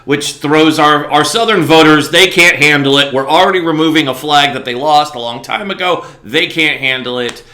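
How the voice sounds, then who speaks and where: A man hosting a talk show, chatting casually and voicing his opinions emphatically, often getting loud. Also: fairly high pitch, normal speed, few pauses, echoey room. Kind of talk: casual interview conversation.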